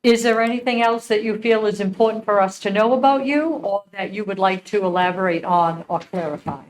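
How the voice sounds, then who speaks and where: A woman chairing a council committee, putting formal interview questions in a measured way. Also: medium pitch, low-quality recording. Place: council chamber.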